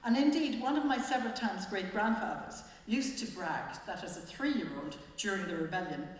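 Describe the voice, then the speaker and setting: A woman's voice: medium pitch, animated, normal speed. A woman from Wexford with a Wexford Irish accent, giving a public talk as a panel speaker presenting a book. She talks in a conversational, wry way with frequent hesitations. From Wexford, Ireland. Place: library event hall. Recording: very echoey hall, faint noise.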